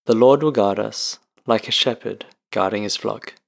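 A male lector reads scripture in a solemn, formal way. His voice sits low with a gravelly texture. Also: moderate pace. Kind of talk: liturgical reading.

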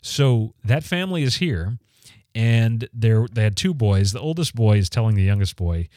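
A man's voice: on the low side, expressive, normal speed, a little mellow, no room sound, clean studio sound. A man hosting a podcast, recapping a comic story in a casual, conversational way with frequent ums and restarts. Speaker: podcast host reviewing comics. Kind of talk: casual spoken review.

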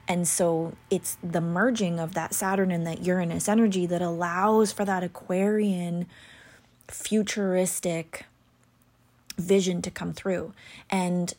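A woman chatting casually about astrology, rambling and full of "like" and "you know", sometimes dropping into soft whispery asides. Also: on the low side, flat delivery, unhurried. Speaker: astrology content creator. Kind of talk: casual chat.

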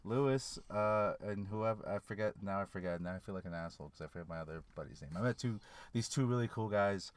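A man's voice: lowish voice, fast, clean tone. A young man hosting a casual podcast from inside a car, teasing his co-host and rambling with restarts. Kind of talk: casual banter in a parked car.

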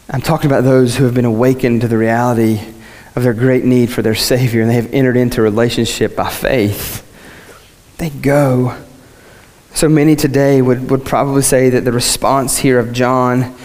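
A man preaching a sermon, asking rhetorical questions and repeating phrases as his voice swings from low to high. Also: steady tone, normal speed, darkish tone, long reverb tail.

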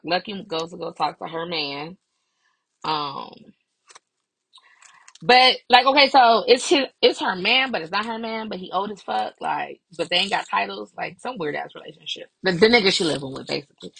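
A woman hosting a podcast, casually recapping a reality show in a profane, animated way and acting out the people in it. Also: lowish voice, creaky, slightly rough, no echo, rough recording. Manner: profane, animated retelling with quoted voices. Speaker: podcast host.

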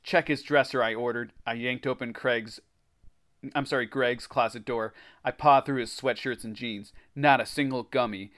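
With fairly even intonation and a fairly bright, mid-range voice, this man reads a children's horror story on his podcast at a moderate pace. He frequently cuts in with laughing asides full of swearing.

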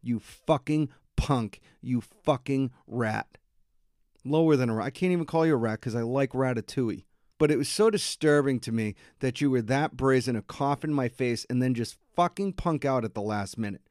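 A man's voice: medium pitch, a little fast, darkish tone, dry recording, clean studio sound. A man with a Boston accent hosting a podcast, telling an angry story in a heated, profane, indignant monologue. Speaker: podcast host.

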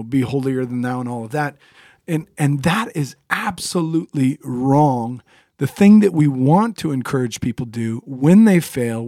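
A man's voice: mid-range voice, darkish tone, dry recording, clean studio sound. Thoughtful male podcast host. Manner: thoughtful, encouraging questions. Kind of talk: conversational interviewing.

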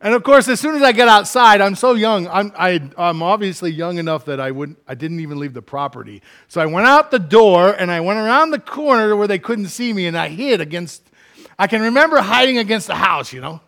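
Middle-aged guy preaching, high voice, gets loud then drops real quiet acting stuff out. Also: a little fast. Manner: animated, acts out quoted complaints with big swings in loudness. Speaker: pastor. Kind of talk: sermon.

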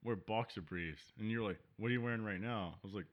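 A man's voice: on the low side, fast talker, dull audio. A young man co-hosting a podcast, teasing his friend with profane jokes and mimicking him. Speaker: podcast co-host. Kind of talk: crude casual banter.

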